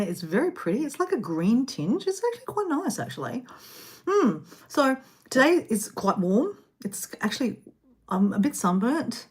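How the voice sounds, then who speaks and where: A woman's voice: medium pitch, a little mellow. A woman hosting a casual live stream, rambling and chatting while eating snacks indoors. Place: indoor room.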